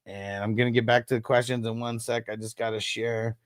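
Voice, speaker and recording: A man's voice: mid-range voice, level tone, brisk, dry recording, clean studio sound. A man in his thirties hosting a fantasy football livestream, chatting casually with viewers in a laid-back, slangy way, with frequent swearing and laughter.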